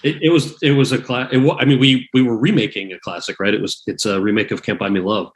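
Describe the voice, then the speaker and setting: A man's voice: fairly low pitch, fast talker. A man in his forties, guest on an interview podcast, telling stories and acting out quotes in a raised voice. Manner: animated storyteller, acts out quotes in raised voice; many restarts and fillers. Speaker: guest actor and author. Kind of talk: casual interview chat.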